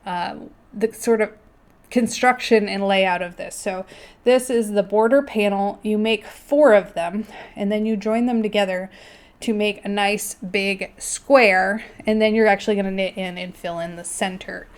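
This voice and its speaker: Woman knitting vlogger chatting at home, laughs a lot, mid pitch. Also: fairly even intonation, a little slow. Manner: chatty, laughs often while explaining. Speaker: knitting video host. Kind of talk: casual chat. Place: indoors at home.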